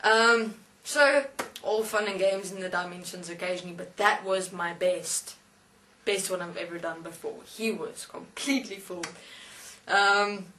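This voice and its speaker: A woman tells a comic story in a loose, casual way, laughing as she goes and swearing freely. Her voice is of middling pitch for a woman. She sounds distant from the mic. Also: a little slow, sharp tone, a little hiss or hum. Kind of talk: comic anecdote.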